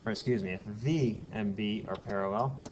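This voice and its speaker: A man's voice: lowish voice, normal speed, darkish tone. A man giving a physics lecture in a classroom, explaining step by step, putting questions to the class and telling the odd aside. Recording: dull lo-fi classroom recording with faint hiss.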